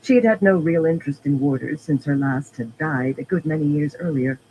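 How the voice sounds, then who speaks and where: A man narrating a fantasy audiobook in a steady, even reading. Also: fairly high pitch, a little fast, a little hiss or hum, poor audio. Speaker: audiobook reader.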